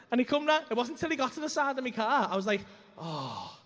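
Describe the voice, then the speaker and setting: A man's voice: extremely high pitch, fast talker, fairly bright tone, in a large hall. A young man telling a rambling, sweary stand-up story on a comedy club stage. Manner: brash, sweary, rambling anecdote full of asides.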